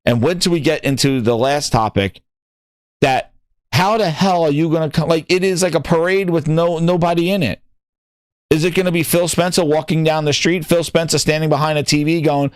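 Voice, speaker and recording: A man runs a gaming news show, and he is angry about it, swearing and tripping over his words as he rants. His voice sits a little high. It comes across dry and close, with no room sound. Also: expressive, moderate pace, no echo. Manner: heated, swearing, repeats words when worked up. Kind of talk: ranting commentary.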